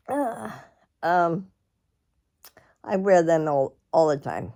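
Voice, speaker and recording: A middle-aged woman, telling a personal story in a rambling, halting way, often clearing her throat. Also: fairly low pitch, animated, dark tone. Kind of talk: casual storytelling.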